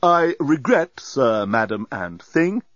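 A man's voice: mid-range voice, big pitch swings, slow pace, a bit bright, dry recording, pitched above the performer's own voice. A man voicing a prim, snooty male doorbot robot in an audiobook, coldly polite and sniffy like a butler, on a dry, slightly dull recording. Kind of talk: audiobook character voice.

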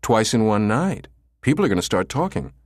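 A man's voice: fairly low pitch, sing-song, brisk, darkish tone, no room sound. A man doing a wisecracking, grumbling tech guy. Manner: dry, sarcastic, grumbling. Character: grumbling, wisecracking male computer technician.

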